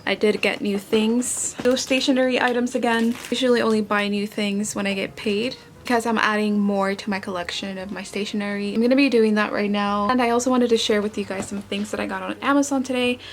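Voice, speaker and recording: A woman's voice: medium pitch, steady tone, fairly quick, few pauses. Chatty young woman vlogging at home. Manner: chatty and earnest, with fillers and self-corrections. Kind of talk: casual vlog talk to camera.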